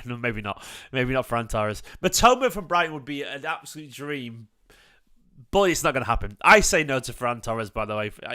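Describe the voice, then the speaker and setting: Bright-voiced opinionated man. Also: a little high, smooth. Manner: opinionated, rambling with fillers and restarts. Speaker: fan channel host. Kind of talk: casual livestream football chat.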